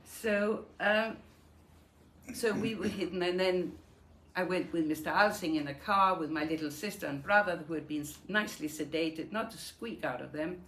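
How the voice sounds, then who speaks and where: A woman's voice: lowish voice, normal speed, a bit bright. Older woman recounting a memoir, echoey room. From Denmark. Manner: vivid storytelling, acts out quoted dialogue. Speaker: Holocaust survivor giving a talk. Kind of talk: personal memoir talk. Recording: echoey room with faint noise.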